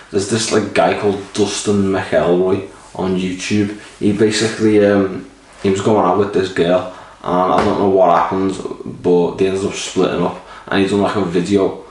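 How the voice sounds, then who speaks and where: A man rambling casually and swearing while reviewing a beer, a little sleepy. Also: low-pitched. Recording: roomy echo, mic at a distance.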